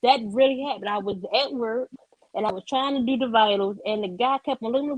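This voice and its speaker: Lively woman, spoken word poet. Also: a little high, fast, dry recording, low-quality recording. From Baltimore. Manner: animated, rhythmic delivery with slang. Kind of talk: casual chat and performed spoken word poetry.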